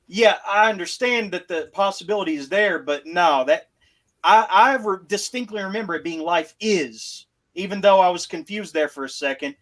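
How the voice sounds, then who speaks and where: A man's voice: high-pitched, normal speed, a bit bright. A man co-hosting a casual podcast chat, rambling with restarts and wry asides. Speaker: podcast co-host.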